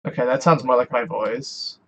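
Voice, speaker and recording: A man's voice: mid-range voice, fairly even intonation, normal speed, slightly rough. A man streaming a game live, chatting casually into a desk microphone in a rambling, self-deprecating way. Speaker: gaming streamer. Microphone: USB desk microphone.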